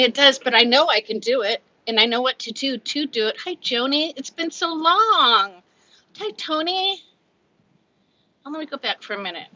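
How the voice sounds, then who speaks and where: A woman's voice: fairly high pitch, pushed and bright, highs cut off. Breathless fifties woman chatting on a livestream. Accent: Californian. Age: 50s. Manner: candid, chatty, laughs often, reads comments aloud. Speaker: livestream host. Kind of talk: casual live chat. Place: at home.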